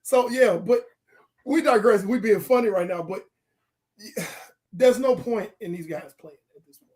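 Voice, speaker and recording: Podcast co-host, male, high voice, animated and joking, casual sports talk. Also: a little slow. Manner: animated, joking, acts out movie scenes.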